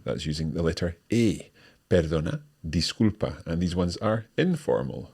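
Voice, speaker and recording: A man hosting a language lesson, explaining each phrase and repeating it clearly for learners. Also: deep voice, animated, moderate pace, darkish tone. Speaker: language teacher and host.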